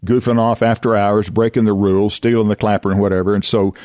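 A man's voice: lowish voice, level tone, quick pace, a little mellow, no room sound, clean studio sound. An older man from Oklahoma, a radio host and former youth minister telling folksy anecdotes, chuckling and acting out voices. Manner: chuckling, acts out voices in his stories.

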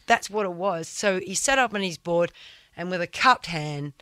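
A woman's voice: fairly low pitch, expressive, normal speed, bright, forceful tone, clear, resonant tone, no echo. A woman, a surfer and guest on a podcast, telling a vivid story in casual, blunt talk that is full of swearing.

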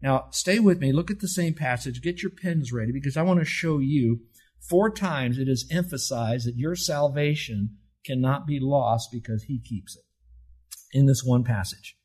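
A man's voice: mid-range voice, moderate pace, darkish tone, breathy edge. A man in his seventies preaching a sermon, teaching in an emphatic way with rhetorical questions and telling listeners to circle and underline words. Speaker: pastor.

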